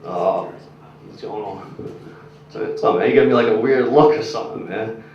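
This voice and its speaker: A man's voice: fairly low pitch, normal speed, noisy background. Crude rambling male stand-up comic. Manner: crude, rambling, filler-heavy delivery. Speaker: stand-up comedian. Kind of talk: stand-up set with crowd work. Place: comedy club stage. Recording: echoey, muffled room recording from a distance.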